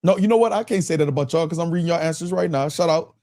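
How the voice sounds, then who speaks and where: Animated Michigan man hosting a live stream. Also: on the high side, racing. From Michigan, US Midwest. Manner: animated, keeps repeating his questions, reads chat aloud, laughs often. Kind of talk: casual live-stream commentary.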